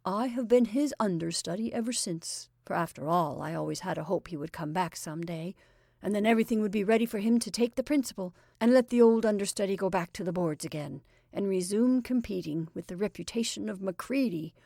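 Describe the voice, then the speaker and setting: A woman's voice: medium pitch, a little fast, creaky, mellow, dry recording, clean studio sound. A woman doing a gleeful old stage actor. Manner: exuberant, rambling, confiding. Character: jolly middle-aged male stage actor, gleeful and chatty.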